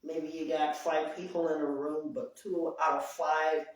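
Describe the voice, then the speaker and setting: A woman with a low, level voice speaks a little slowly while leading a support group in a meeting room. She talks earnestly and repeats her phrases for emphasis. Recorded from a distance, her voice is off-mic in a very echoey room.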